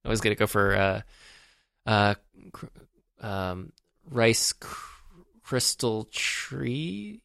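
A man's voice: lowish voice, sing-song, very slow, creaky, pauses often, fairly bright tone, clear, resonant tone, no echo, studio quality. A man co-hosting a podcast, talking casually about a film with many fillers and restarts. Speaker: podcast co-host.

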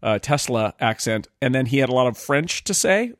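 A man's voice: mid-range voice, animated, normal speed, no echo, clean studio sound. Man host telling a funny story. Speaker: podcast host. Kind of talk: casual chat looking back on a recording.

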